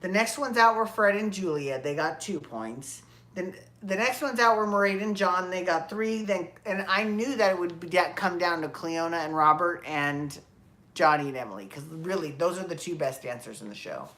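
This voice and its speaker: Woman, low-pitched, chatty solo host, rambling, swears, self-correcting. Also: normal speed, a bit bright. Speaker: podcast host. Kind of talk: casual solo commentary.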